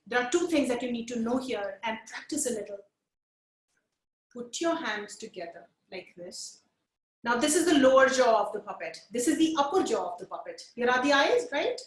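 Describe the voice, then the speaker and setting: A high-voiced woman teaches puppet lip sync in a live webinar, coaxing her viewers energetically and counting along with them over a video call. The audio has a roomy quality.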